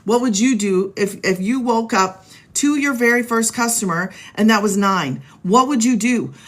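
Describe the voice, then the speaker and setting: Speaking at a normal speed in a fairly high voice, this middle-aged woman hosts an informal home live stream where she sells online business programs. She's upbeat and talkative, speaking right to her audience and calling out their names, all recorded on a phone.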